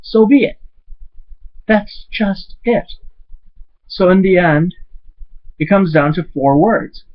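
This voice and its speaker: Brief: man, blunt exasperated vlog rant, slightly high voice, dull lo-fi home recording. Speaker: vlogger. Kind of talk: ranting vlog.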